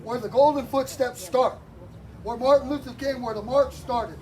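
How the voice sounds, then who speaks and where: A man's voice: very high-pitched, steady tone, normal speed. A man, speaking heartfelt and apologetic words at an outdoor community forum. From Georgia, US. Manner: heartfelt, apologetic, grows forceful. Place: outdoors at a street gathering. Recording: distant voice with faint outdoor noise.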